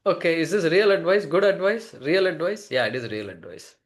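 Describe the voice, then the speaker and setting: A man's voice: on the high side, animated, fairly quick. Man teaching a class. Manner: explains word by word, poses rhetorical questions. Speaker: scripture teacher. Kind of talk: classroom lecture on a Sanskrit text.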